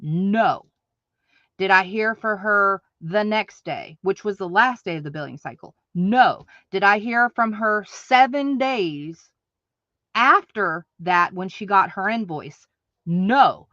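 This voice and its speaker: A woman with a bright, forceful voice vents at length to her livestream audience, hammering her points home with repetition and indignation. The sound is dry and a little dull, as if from a modest mic. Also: mid-range voice, expressive, takes it slowly, no room sound. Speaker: online craft market host. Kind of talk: ranting livestream monologue.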